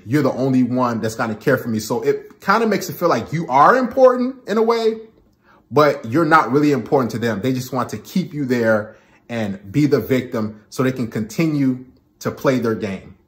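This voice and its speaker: A man delivers relationship advice as a talking-head monologue. His voice is on the higher side and swings widely, leaping up whenever he acts out quoted speech.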